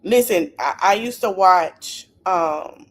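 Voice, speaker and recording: A woman's voice: on the low side, lively intonation, slow pace. A woman hosting a casual livestream podcast, chatting straight to her viewers with plenty of asides. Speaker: podcast host.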